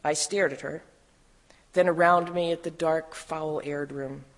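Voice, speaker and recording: A reader steadily narrating a first-person memoir in a measured storytelling voice. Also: medium pitch, fairly even intonation. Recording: long hall reverb.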